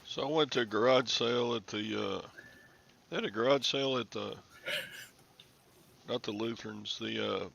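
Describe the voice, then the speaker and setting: Male host, gravelly, dry and grumbly, headset mic on a muffled lo-fi stream with faint hiss. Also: mid-range voice, moderate pace, pauses often, fairly bright tone. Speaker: host of a reseller live stream. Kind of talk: casual live-stream chat.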